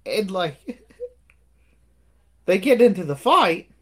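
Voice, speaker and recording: A man with a high-sitting voice draws out his words as he co-hosts a laid-back film review podcast. He retells movies with energy, playing out lines from them and laughing.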